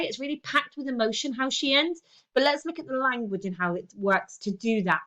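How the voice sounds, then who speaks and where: A woman teaching a lesson, talking through a text and often saying "okay". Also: fairly high pitch. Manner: lively, talks through a text with frequent "okay"s. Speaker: English teacher. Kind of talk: recorded online lesson.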